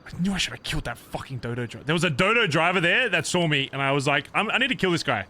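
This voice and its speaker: A man's voice: a little high, expressive, fast, pushed and bright. A man chatting in character during a game roleplay stream, talking frankly and swearing freely. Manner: frank, swears freely, slips into quoted voices. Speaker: roleplayer voicing his character.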